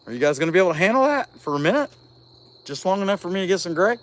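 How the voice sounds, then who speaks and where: A man's voice: sits high, very animated, very fast, a bit bright. Folksy rambling man with a twang. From Southeast Ohio. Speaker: chainsaw carver and livestream host. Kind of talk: casual livestream chat reading viewer comments.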